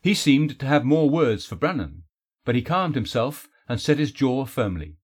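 A man narrating a fantasy audiobook in a steady storytelling manner. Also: mid-range voice, normal speed, husky.

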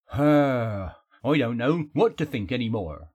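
A man voicing a curt, sharp-tongued wizard in an audiobook, close to his own voice. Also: medium pitch, sing-song, slow, breathy edge, full character voice. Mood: snappish. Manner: curt, snappish. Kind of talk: audiobook character voice.

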